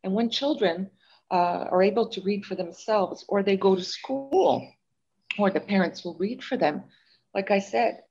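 A woman's voice: mid-range voice, a little slow, gravelly, husky, dull audio. An older woman from Montreal, a guest author chatting in an interview and telling stories with lots of fillers. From Montreal, Canada. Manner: chatty, animated storytelling with fillers. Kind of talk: interview chat.

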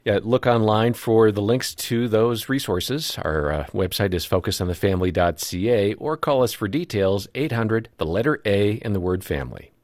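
A male radio co-host introducing the program and giving contact details in a relaxed, conversational way. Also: lowish voice, normal speed, few pauses, dry recording, clean studio sound. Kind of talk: scripted radio hosting.

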